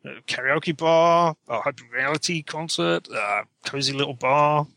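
A man's voice: a little high, creaky, pushed and bright, dry recording. A man narrating a tabletop role-playing game as game master, chatty and often correcting himself mid-sentence. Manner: chatty, self-correcting, quick to laugh.

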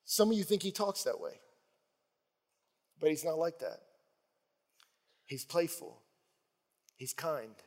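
A man's voice: on the high side, takes it slowly, pauses often, long reverb tail. A male pastor preaching a sermon, retelling scenes and acting out the voices in them. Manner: animated storytelling, acts out voices in quotes.

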